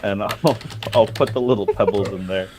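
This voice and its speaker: A man's voice: fairly low pitch, normal speed, darkish tone, a little hiss or hum. A man playing a tabletop game, talking hesitantly with lots of fillers and dry humor. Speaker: player. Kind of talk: casual tabletop game play.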